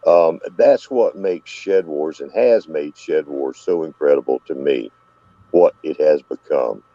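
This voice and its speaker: A man's voice: extremely low pitch, unhurried, dark tone, no room sound. A man with a Southern US accent hosting a casual live-stream chat, telling rambling stories. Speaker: host. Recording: dull lo-fi dry sound.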